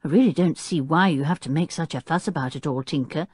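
A woman voicing a bold, adventurous girl who speaks eagerly and with excitement in an audiobook. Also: low voice, fast, slightly rough, no echo, studio quality. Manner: eager, thrilled.

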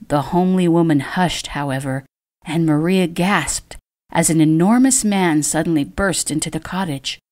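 A woman, the author, narrating her own novel in a measured, expressive audiobook reading. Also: low-pitched.

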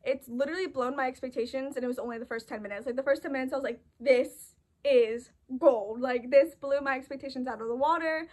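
A young woman with a high, bright-sounding voice chatting about a film she loved. She gushes and rambles, full of fillers and restarts. Her pitch leaps up when she gets excited. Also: racing, few pauses. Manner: gushing, excitable, lots of fillers. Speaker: movie reaction host. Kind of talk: casual chat.

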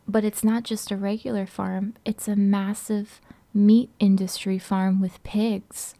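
A woman's voice: mid-range voice, little pitch movement, unhurried, warm tone. A woman live streamer in casual chat with her viewers, cursing through crude mock rants.

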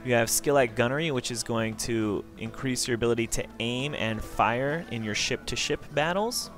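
A man's voice: mid-range voice, normal speed, a bit bright, soft background music. A man giving casual, enthusiastic let's play commentary as he walks through a game. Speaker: gameplay commentator.

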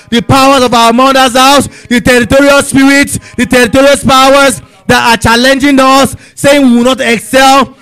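A man with a strikingly high voice leads a congregation in prayer. He chants his lines and swells into shouts. He speaks as a pastor in fervent, repetitive declarations. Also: clear, resonant tone, poor audio. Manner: drops lower and quieter reading scripture.

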